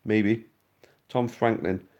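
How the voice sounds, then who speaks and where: A Welsh man hosting a casual live stream, his voice sitting a little on the low side. He is blunt and chatty, reading viewer comments aloud and answering each as he goes. His sentences ramble and restart as he thinks. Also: fairly even intonation, takes it slowly, a little mellow, muffled recording. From Wales.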